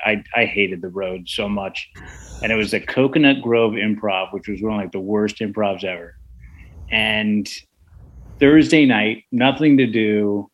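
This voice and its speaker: A male comedian guesting on a podcast over a video call. He tells stories in a dry, laid-back manner. His talk is loose and conversational. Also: lowish voice. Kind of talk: casual podcast chat, storytelling.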